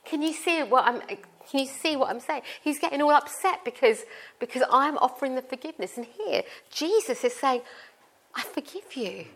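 A woman's voice: high voice, animated, normal speed, a bit bright. Chatty middle-aged British woman preaching. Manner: chatty, informal, explains with family stories. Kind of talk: conversational sermon.

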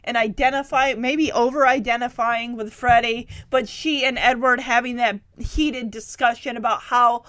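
A woman's voice: a little high, steady tone, moderate pace, few pauses, a bit bright, no room sound. A woman giving a chatty, giggly recap and review of a TV episode, with frequent fillers.

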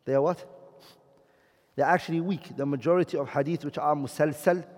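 A man lectures to a class in a fairly high voice, slowing down to explain and pausing to ask if everyone follows. His voice rings with long reverb from a large room. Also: steady tone, a little mellow. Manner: explains slowly, checks understanding with questions. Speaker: teacher.

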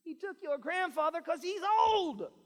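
A man with a very high voice preaches slowly and deliberately, drawing his words out. He pleads with the congregation, dropping to a hush and then rising to a shout, and his voice rings on in a hall with a long reverb. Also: lively intonation. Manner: pleading, swings from hushed to shouted. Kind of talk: sermon.

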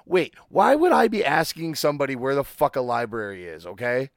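A man's voice: medium pitch, very animated, brisk, dry recording, studio quality. A young man from Michigan co-hosting a podcast, joking and swearing through loose banter. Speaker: podcast co-host. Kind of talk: casual chat.

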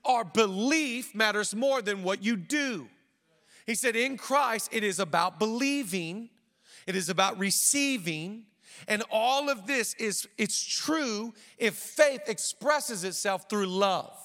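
Male pastor, high voice, playful punchy sermon, repeats lines for emphasis, long hall reverb. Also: slow pace. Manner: lively preaching with joking asides.

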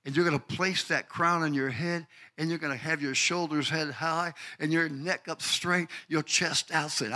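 An older male pastor preaching with fervor, his voice a touch high and bright with a forceful edge. He calls out members of the congregation by name and swells into shouted, almost sung peaks. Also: fairly even intonation, normal speed. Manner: builds to shouted, sing-song climaxes. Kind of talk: sermon.

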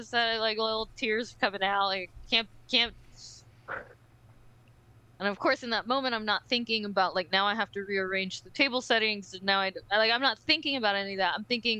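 A young woman with a bright, forceful voice who tells her story with animated energy and keeps checking in with "right?". She swears casually. The sound is dry and close, with no room around it. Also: mid-range voice, moderate pace, clean tone, no echo, low-quality recording. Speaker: podcast co-host. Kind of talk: casual podcast chat.

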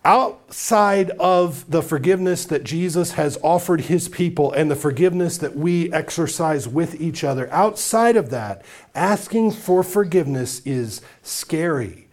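Man, pastor, sermon, earnest, emphatic, list-building, questions the congregation, fairly high voice. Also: animated, measured pace, a little mellow. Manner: earnest, emphatic preaching that piles up lists; speaks straight to the congregation with questions.

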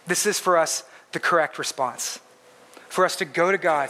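Male pastor, sermon, higher-pitched voice, earnest, emphatic repetition. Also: moderate pace, gravelly, bright, forceful tone.

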